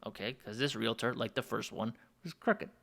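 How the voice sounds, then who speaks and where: A man's voice: medium pitch, moderate pace, gravelly, fairly bright tone. A man telling a long personal story in a casual monologue, rambling and digressive, with asides to his listeners. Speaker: music producer and channel host.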